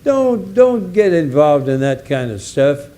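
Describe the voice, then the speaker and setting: A man delivering a sermon with a folksy, emphatic delivery. His voice sits a little high for a man, with a mellow, dark-edged tone. He leans on repeated words to drive each point home. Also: sing-song, unhurried. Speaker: visiting preacher.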